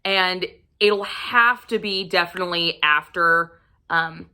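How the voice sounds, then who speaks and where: Woman book vlogger swooning over romance heroes, cusses a lot, bright forceful voice. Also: on the low side, slow. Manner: gushing, profane, swoons into breathy whispers. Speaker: book reviewer. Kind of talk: casual book recommendation vlog.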